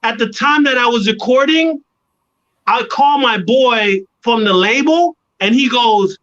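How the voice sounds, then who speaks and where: A man telling a long studio story in a casual interview, animated and acting out what others said. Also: very high-pitched, a little slow. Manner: animated storyteller, acts out quoted voices. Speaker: guest artist. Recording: dull lo-fi sound.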